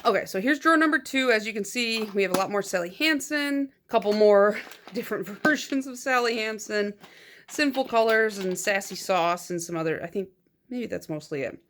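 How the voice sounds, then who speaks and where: A woman's voice: medium pitch, moderate pace, a bit bright, a little hiss or hum. A woman in a casual vlog, chatting through her nail polish collection in a rambling, filler-heavy way. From United States.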